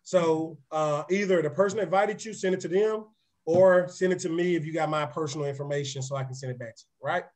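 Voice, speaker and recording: A man with a raspy voice gives a live-streamed motivational business presentation, energetic and chatty, often checking in with his listeners. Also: fairly high pitch, fast. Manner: energetic, conversational, often asks "right?"; repeats words and restarts sentences. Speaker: real estate presenter.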